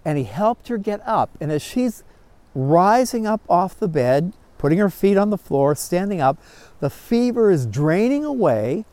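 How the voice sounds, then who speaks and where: Animated, folksy man teaching a Bible class. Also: high-pitched, a little slow, dry recording. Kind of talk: storytelling Bible lesson.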